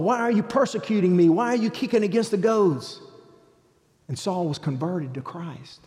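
Evangelist, middle-aged, animated storyteller, warm-toned, big hall reverb. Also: male voice, a little high. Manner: animated storyteller acting out quotes. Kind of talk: preaching testimony.

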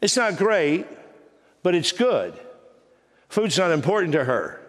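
High-voiced animated pastor in a hall. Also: male voice, slow. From Texas. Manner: animated, teasing storyteller acting out quoted voices. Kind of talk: humorous sermon storytelling. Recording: reverberant hall.

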